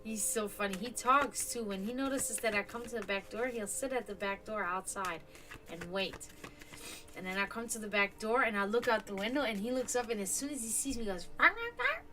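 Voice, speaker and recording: Bright-voiced woman chatting on stream. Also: a little fast, faint music behind, poor audio. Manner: chatty, rambling, swearing, laughs often; high sing-song baby talk to her cats. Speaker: esoteric stream host. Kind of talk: casual livestream chat. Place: home, indoors.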